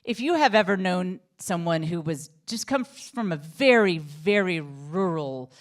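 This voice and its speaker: A middle-aged woman performing a stand-up comedy set, telling self-deprecating stories with animated delivery. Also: on the low side, measured pace.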